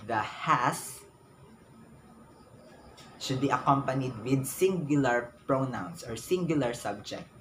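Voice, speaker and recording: A young man with a Filipino English accent, a student teacher explaining a grammar lesson slowly, often repeating himself for emphasis. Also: mid-range voice, fairly bright tone. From Philippines. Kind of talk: classroom lecture. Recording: echoey room with noise behind.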